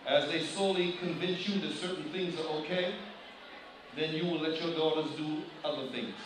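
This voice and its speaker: A man preaching a sermon, addressing the congregation directly with questions in an animated manner. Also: on the high side, moderate pace, heavy reverb, background noise. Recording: distant mic, loud room ambience.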